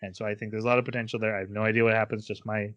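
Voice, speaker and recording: A man's voice: fairly low pitch, level tone, rapid-fire, highs cut off. A man co-hosting a casual podcast, playfully recapping episodes with frequent chuckles. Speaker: podcast co-host.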